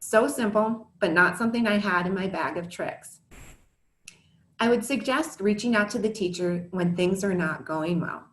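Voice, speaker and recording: Her voice is medium-pitched and fairly bright, moving at a normal speed through a reverberant space. The speaker, a woman in her thirties who once taught and now parents, gives parents an earnest, scripted talk with candid digressions.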